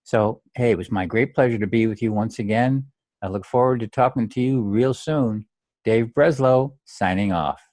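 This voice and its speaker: A man's voice: mid-range voice, moderate pace, darkish tone, dry recording, studio quality. A man coaching golfers on their mental game, talking in a blunt, straight-talking way and saying phrases aloud to show the difference. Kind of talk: direct instructional monologue.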